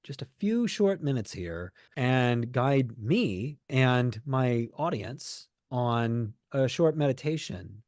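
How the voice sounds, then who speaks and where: Lively male podcast host. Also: medium pitch, slow, hardly any pauses, no room sound, studio quality. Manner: encouraging, affirming questioner. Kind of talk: casual interview.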